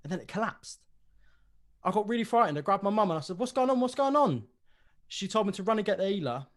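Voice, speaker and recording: An earnest young devotee, played by a man in a tabletop game. He tells his tale eagerly in a slightly high voice. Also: big pitch swings, fast talker.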